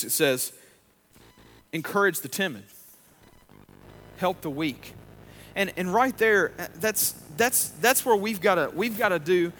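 Pastor, male, a bit high-voiced, loose chatty sermon delivery, faint rumble behind. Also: a bit bright. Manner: conversational, with many restarts and fillers.

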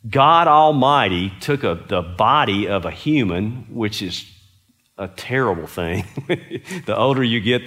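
Lively-voiced preacher man. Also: mid-range voice. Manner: earnest, storytelling, asks the audience questions. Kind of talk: conversational sermon.

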